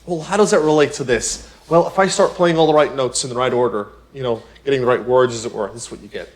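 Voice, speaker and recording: A man teaching piano in a relaxed tutorial, talking chattily, with many "you know" asides and rhetorical questions. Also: mid-range voice, fast talker. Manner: explains with everyday examples. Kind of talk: casual spoken tutorial.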